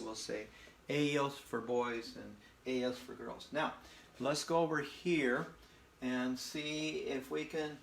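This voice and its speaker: A man teaching a casual Spanish lesson from home, relaxed and repetitive, often checking in with "okay?". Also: mid-range voice, vocal fry, echoey room. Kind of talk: casual recorded lesson at a board. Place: room at home.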